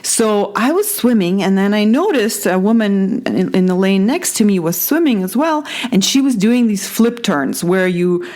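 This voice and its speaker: A woman's voice: medium pitch, expressive, normal speed, hardly any pauses, a little mellow. A woman in her thirties from Russia, hosting a solo podcast and telling a personal story in a chatty, self-correcting way. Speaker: podcast host.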